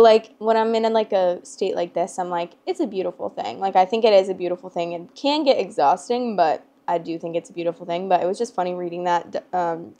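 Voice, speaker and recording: A young adult woman hosting her storytime channel, talking in a chatty, rambling, emotional way with lots of "like" fillers. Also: on the low side. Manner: chatty and rambling, heavy use of "like"; emotional and expressive. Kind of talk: casual chat to camera.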